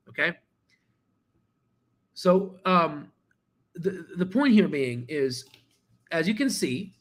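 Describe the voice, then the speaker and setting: A man hosting a stock trading channel, talking casually and excitably while going through charts, swearing now and then and repeating himself as he rambles. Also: high-pitched. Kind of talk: casual screen-share market commentary.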